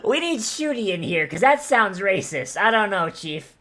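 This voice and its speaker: A young adult woman streaming a game, chatting casually, swearing and bursting into excited shouts. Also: mid-range voice, normal speed. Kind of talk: casual live-stream commentary.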